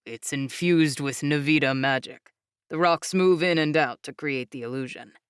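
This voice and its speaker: A woman voicing a calm young man who patiently explains things in a low, measured voice. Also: clear, resonant tone, dry recording, clean studio sound, lightly acted. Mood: explaining.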